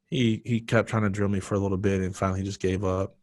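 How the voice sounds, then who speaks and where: A man's voice: deep voice, little pitch movement, racing, a little mellow, no echo, studio quality. A man as a podcast guest, telling a personal story in an earnest, emotional way.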